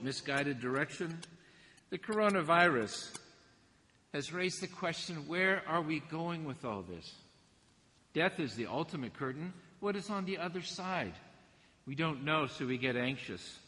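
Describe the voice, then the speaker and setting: A man preaching a reflective sermon, with gentle asides and the odd laugh. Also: a little high. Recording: long hall reverb.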